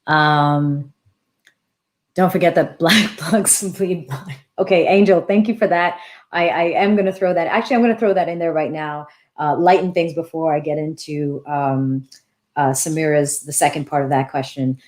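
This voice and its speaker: A woman in her thirties hosts a live-stream chat as a dance teacher, answering viewers' questions. Her voice sits a little low. She talks in an animated, warm way, pausing and restarting as she thinks aloud. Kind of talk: casual live-stream Q&A, reading comments aloud.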